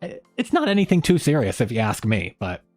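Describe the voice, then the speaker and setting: A man's voice: mid-range voice, wildly swooping pitch, a little fast, darkish tone, faint music behind. A man hosting a casual live stream from home, rambling and self-mocking, often trailing off mid-thought. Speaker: streamer host. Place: home room by an open window.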